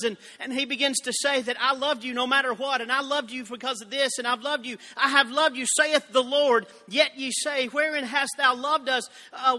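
A man's voice: very high voice, bright, forceful tone, long reverb tail. A man preaching a sermon, reading scripture and telling folksy, joking asides to his congregation. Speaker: pastor.

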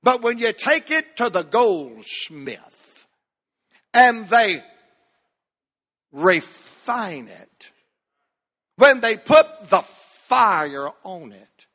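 A high, bright-voiced male pastor preaching in a church sanctuary. He talks slowly and builds emphatic, repeated phrases to loud peaks. Long reverb from the hall trails every line. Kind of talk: sermon.

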